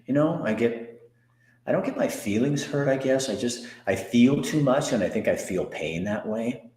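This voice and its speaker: A middle-aged man hosting an earnest personal monologue, swinging from anger to hushed softness. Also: mid-range voice, expressive, moderate pace, echoey room. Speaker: host.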